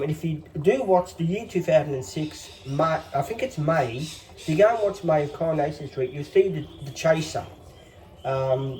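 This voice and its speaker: A man's voice: a little high, dark tone, distant mic, a little hiss or hum. A man in his fifties hosting a casual phone vlog, rambling on with lots of fillers in a reassuring tone. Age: 50s. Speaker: channel host.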